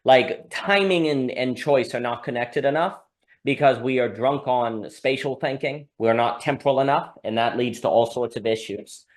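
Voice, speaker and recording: A man hosting a podcast, speaking articulately and emphatically, building his points in quick succession. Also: medium pitch. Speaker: podcast host. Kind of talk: conversational commentary.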